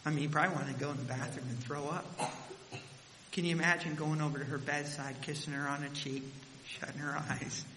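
A man delivers a sermon with dramatic storytelling, his voice swelling and falling. His tone is bright and slightly high for a man, and it rings through a reverberant hall. A faint hiss sits under the recording. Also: fairly even intonation, fairly quick. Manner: dramatic storytelling, voice rising and dropping. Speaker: preacher.

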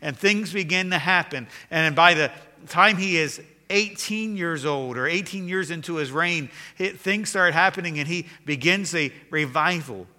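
A man's voice: fairly high pitch, normal speed, few pauses, sharp tone. A male pastor preaching a sermon, reading scripture aloud and building emphasis as he goes. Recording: long hall reverb.

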